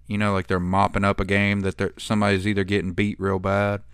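A man with a low, smooth, resonant voice hosts a laid-back sports chat. He rambles a bit and leans on fillers. The sound is dry and close. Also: monotone, fast talker, fairly bright tone, no room sound. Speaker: podcast host. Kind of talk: casual sports talk.

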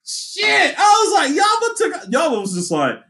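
A man co-hosting a podcast in casual chat, animated and hyped, laughing often. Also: very high voice, a little fast. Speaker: podcast co-host.

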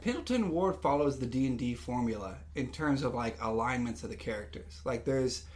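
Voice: mid-range voice, lively intonation, brisk, darkish tone. An enthusiastic podcast co-host in casual chat. This host eagerly shares trivia and fun facts from prepared notes.

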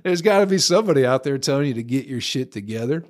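A man's voice: medium pitch, lively intonation, fast. A man ranting to his social media followers in a heated, profane, rambling monologue.

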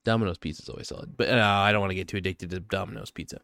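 A man with a low voice rambles offhandedly through a solo vlog monologue. His talk drifts from thought to thought without much shape. The sound is dry and close, with no room around it. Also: fairly even intonation, racing, gravelly, a bit bright, no room sound. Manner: aimless, offhand musing.

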